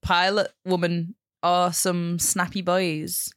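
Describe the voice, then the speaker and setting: A woman's voice: lowish voice, flat delivery, takes it slowly, smooth, no room sound, studio quality. A woman co-hosting a podcast in casual chat, rambling with lots of fillers and easily amused. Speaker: podcast co-host.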